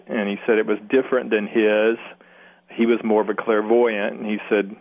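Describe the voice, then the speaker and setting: A man's voice: lowish voice, little pitch movement, normal speed. Southern man, reflective, on a radio line. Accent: Southern American. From Kentucky. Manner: rambling, reflective, many restarts. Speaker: guest healer. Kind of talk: interview answers. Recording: phone-line radio sound.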